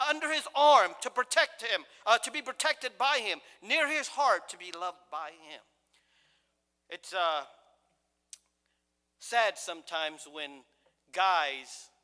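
A man's voice: sits high, bright, forceful tone. A middle-aged male pastor preaching a sermon in a conversational, joking way, full of restarts and acted-out quotes. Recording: long hall reverb.

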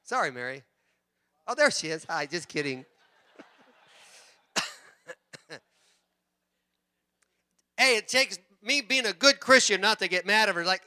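A man pastor preaching a sermon in church, animated and joking with the congregation. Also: sits high, slow pace, pauses often. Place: church sanctuary.

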